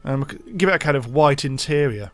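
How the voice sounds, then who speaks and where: Chatty man with a lively voice. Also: mid-range voice, a little fast, no echo, faint music behind. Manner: rambling, self-mocking, thinking aloud. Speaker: let's play host. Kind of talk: casual gameplay commentary.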